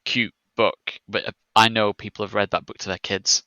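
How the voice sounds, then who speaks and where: Male guest, low steady baritone, dry close sound, thoughtful and even. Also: normal speed, no room sound, highs cut off. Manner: self-described one-tone baritone, steady, thoughtful. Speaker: guest, comic artist. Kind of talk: casual chat.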